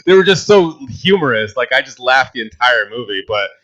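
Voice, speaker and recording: A man's voice: mid-range voice, sing-song, a little fast, sharp tone. A man hosting a casual podcast, talking loosely and repeating himself. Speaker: podcast host. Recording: slightly muffled audio.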